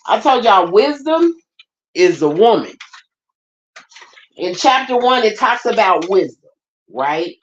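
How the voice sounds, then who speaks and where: A woman's voice: medium pitch, sing-song, measured pace, pauses often. Emphatic woman preaching, lo-fi. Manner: emphatic, repeats phrases, talks directly to the congregation. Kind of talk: sermon.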